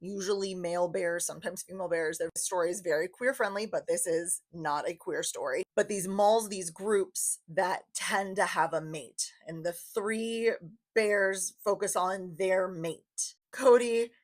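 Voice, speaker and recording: A woman's voice: on the low side, measured pace. A young adult woman giving a casual book review, chatty and enthusiastic, repeating phrases for emphasis.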